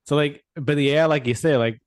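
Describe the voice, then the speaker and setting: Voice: mid-range voice, moderate pace, dry recording, clean studio sound. A podcast co-host with a Northern English accent, giggling and chiming in with jokes in a casual chat.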